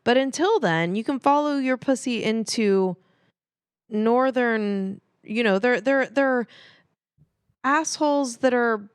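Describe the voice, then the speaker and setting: A woman's voice: fairly high pitch, slow pace, clear, resonant tone, no room sound. A woman co-hosting a comedy podcast, talking bluntly with jokes and swearing. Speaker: podcast co-host. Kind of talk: casual comedy podcast chat.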